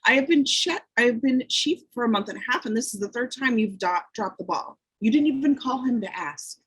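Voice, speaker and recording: A woman reading the part of a cold, cutting female publishing chief in a play reading, speaking with clipped, icy calm. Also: on the high side, fairly quick, slightly rough, rough recording. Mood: stern. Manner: clipped, icily calm authority.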